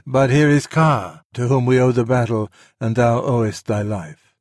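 A man voicing a stern, proud panther in a storybook reading, with a dry, measured delivery. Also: medium pitch, steady tone, darkish tone, dry recording, natural voice.

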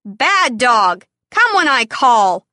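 A woman's voice: on the high side, sing-song, takes it slowly, sharp tone, no room sound, clean studio sound, full character voice. A woman voicing an easygoing farm boy who talks in an offhand, teasing way in a storybook reading.

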